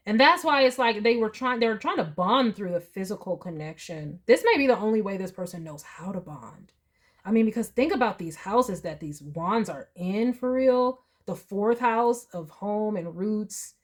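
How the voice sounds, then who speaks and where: A woman giving a tarot reading in a casual, earnest and emotional way, talking straight to the viewer. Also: medium pitch. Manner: emotional, earnest, chatty with laughs and asides. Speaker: tarot reader.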